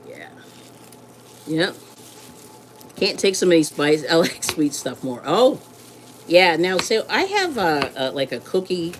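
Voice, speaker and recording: A woman with a low voice hosts a live cooking stream from a home kitchen, talking loosely and laughing often. Her pitch swoops widely as she rambles and greets viewers, with a faint hiss underneath. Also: very animated, slow pace, long pauses, rough recording. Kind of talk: casual chat while cooking.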